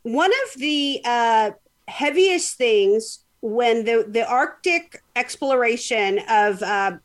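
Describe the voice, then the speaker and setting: A woman's voice: a little high, expressive, slow pace. A woman hosting a podcast, telling a story in casual chat, rambling with lots of fillers and restarts. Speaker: podcast host.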